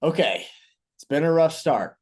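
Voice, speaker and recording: A man's voice: on the high side, lively intonation, moderate pace. A man co-hosting a podcast, talking casually in an upbeat, playful, self-mocking way. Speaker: podcast co-host.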